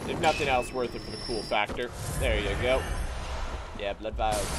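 A man doing live gameplay commentary as a streamer, excitable and swearing, yelping and talking back to enemies. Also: mid-range voice, normal speed, very noisy. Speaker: gaming streamer.

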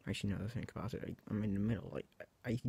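A man's voice: on the low side, fairly even intonation, racing, vocal fry, mellow, slightly rough, dry recording. A teenage man talking to camera in a rambling, hesitant monologue, correcting himself often and filling gaps with "um" and "like". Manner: rambling, hesitant, self-correcting, with frequent fillers. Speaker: video creator.

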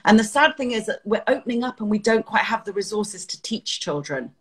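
A woman's voice: mid-range voice, brisk, breathy edge. A woman from Britain, a children's author, talking earnestly and expressively in a casual interview and acting out bits of dialogue. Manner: earnest, expressive, acts out quotes.

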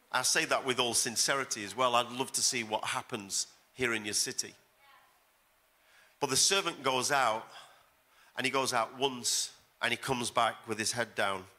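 A middle-aged man gives a sermon as a guest pastor at church. His voice is medium-pitched and sharp, and he preaches emphatically, repeating phrases for effect.

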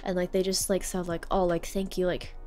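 A woman's voice: on the low side, level tone, fairly quick, a little mellow, soft background music. A young adult woman streamer telling a personal story in a casual, rambling way, full of fillers and sentiment. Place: home streaming setup.

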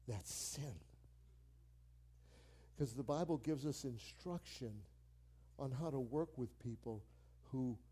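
A man, a pastor, preaching a sermon in a church with animated delivery, repeating key phrases for emphasis and acting out quoted conversations. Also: mid-range voice. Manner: acts out quoted phone calls with playful voices.

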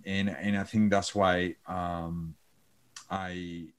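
A man talking as a podcast guest, earnest and warm in content, often repeating and restarting his phrases. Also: deep voice, level tone, extremely slow, smooth. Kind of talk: casual chat.

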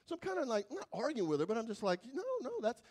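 A man preaching as a guest speaker in church, telling stories dramatically, swinging from loud to hushed. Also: high-pitched, very animated, rapid-fire. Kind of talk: sermon storytelling.

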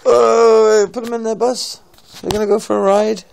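A father in a casual home video, gently and playfully coaxing his toddler through opening a present. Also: high voice, level tone, normal speed, creaky, noisy background. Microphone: phone.

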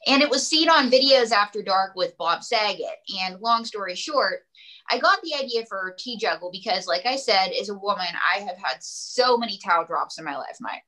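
Bright, animated comedienne. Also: female voice, mid-range voice, normal speed, rough recording. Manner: animated, self-promoting, jokey storytelling. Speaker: guest comedian and ventriloquist. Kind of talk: casual talk show chat.

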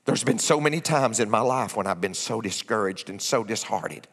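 A man preaching a sermon, swinging from hushed asides to shouted lines. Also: lowish voice, a little fast, slightly rough. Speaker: pastor. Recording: echoey church hall.

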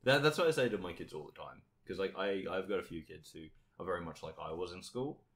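A man's voice: low-pitched, quick pace. A young man co-hosting a podcast, telling boastful school stories in a casual chat, swearing freely and laughing as he goes. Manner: animated anecdotes, often laughing mid-sentence. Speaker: podcast co-host.

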